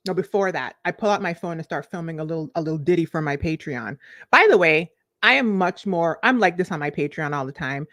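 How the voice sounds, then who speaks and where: A woman in her forties telling a personal story to her live-stream viewers, expressive and confiding, with sudden leaps in pitch. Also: brisk, dry recording, studio quality. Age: 40s. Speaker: vlogger, life coach.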